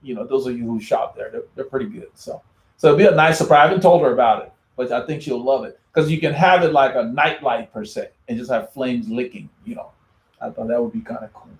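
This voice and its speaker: A man's voice: mid-range voice, fast. Rambling man in an echoey room. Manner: rambling, repeats words and restarts often. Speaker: cycling channel host. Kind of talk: casual live chat answering viewer comments.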